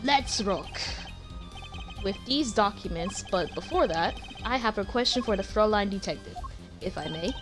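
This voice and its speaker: A young woman voicing a suave male rock star prosecutor from a game, reading his lines in a smooth, showy way. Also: mid-range voice, animated, normal speed, over music, lightly acted. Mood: teasing.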